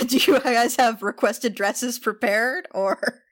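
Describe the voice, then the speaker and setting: A woman running a tabletop game as game master, painting each scene in loose, easygoing description. She pauses often on fillers as she goes. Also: on the high side.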